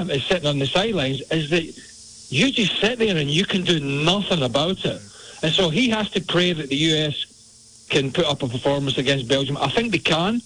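A man breaks down soccer matches with blunt, frank opinions. His voice sits a bit high for a man and comes through a radio call-in line. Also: fairly bright tone, a little hiss or hum, poor audio. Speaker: soccer analyst. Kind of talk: radio sports analysis.

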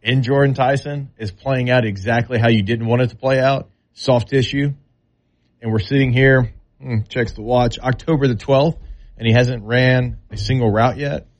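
A man's voice: mid-range voice, fairly even intonation, normal speed. A man talking football in a casual, drawling way, with loose everyday grammar, as a sports talk co-host.

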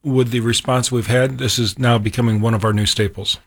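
A man from a brewery, a guest in a casual chat, explaining beer in a steady way. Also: medium pitch, brisk, gravelly.

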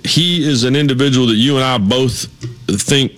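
A man's voice: medium pitch, moderate pace, fairly bright tone. A man co-hosting a sports talk show in a studio, telling stories and laughing easily. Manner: rambling storyteller, laughs easily.

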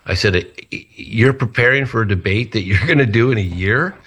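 A man, a guest in an interview, telling anecdotes in a lively way and acting out the people he quotes. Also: a little fast, slightly rough. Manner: animated retelling, acts out quoted voices higher. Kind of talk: anecdotal storytelling.

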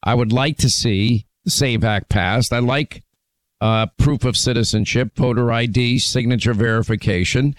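A man's voice: mid-range voice, steady tone, normal speed, no echo. A man hosting a call-in talk radio show, talking emphatically with frequent restarts as he lists his points.

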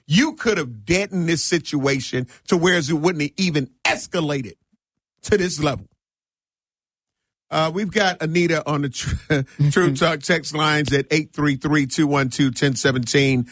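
A man's voice: a little high, a little slow, a bit bright, husky, no echo. A man hosting a talk radio call-in show, speaking emphatically.

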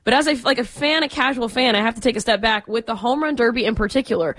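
A woman's voice: a little high, quick pace, fairly bright tone. A woman co-hosting sports talk radio in a studio, blunt and opinionated.

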